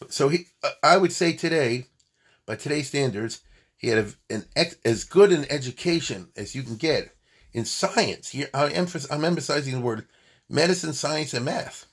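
A man's voice: mid-range voice, expressive, brisk, a bit bright, breathy edge. A man giving an informal lecture on history, chatty and digressive, often checking in with his listeners.

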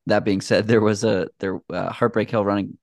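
A man's voice: on the low side, level tone, moderate pace, darkish tone, no echo, studio quality. A man talking as a podcast guest in easygoing, rambling casual conversation with plenty of fillers. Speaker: podcast guest, shoe reviewer.

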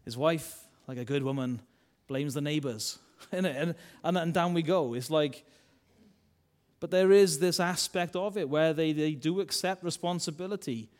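Preacher, conversational sermon. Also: male voice, fairly high pitch, normal speed, a little mellow. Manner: conversational, asks rhetorical questions; acts out voices of biblical characters.

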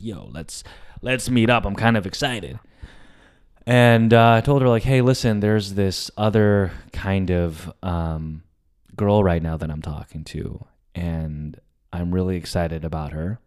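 A young adult man hosting a podcast, telling a candid story, animated, swearing often and acting out the lines of the people in it. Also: deep voice. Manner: animated, swears often, acts out his own and others' lines. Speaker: podcast host.

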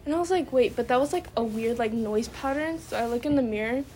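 A woman's voice: a little high, fast, a little mellow. A young woman co-hosting a podcast, telling a rambling story in casual chat and filling her sentences with "like". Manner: rambling storyteller, fills every phrase with "like". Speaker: podcast co-host.

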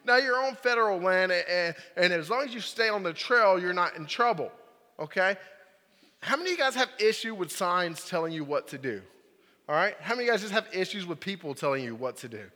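A man's voice: high-pitched, animated, brisk, bright, forceful tone. A young man, a youth pastor, telling a personal story in a casual, joking sermon, full of "like" and "right?". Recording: large hall with long reverb.

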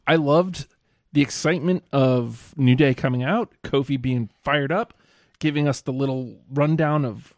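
A man co-hosting a casual podcast about wrestling, talking with enthusiasm and bursting into excited quotes. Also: medium pitch, unhurried, dry recording, studio quality. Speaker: podcast co-host.

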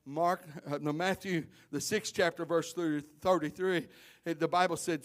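A middle-aged pastor preaches with fervor. His voice sits high for a man, and he swings between soaring, impassioned cries and hushed, quiet asides. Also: a little slow. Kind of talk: fervent preaching sermon.

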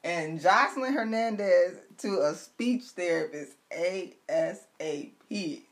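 A woman co-hosting a casual chat, animated and teasing, recapping gossip and news with loud laughs. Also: on the low side, takes it slowly. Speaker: podcast co-host.

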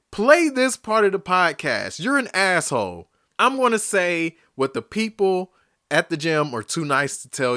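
A man hosting a solo podcast, ranting angrily and profanely, swinging between shouting and muttering. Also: sits high, no echo, clean studio sound. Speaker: podcast host.

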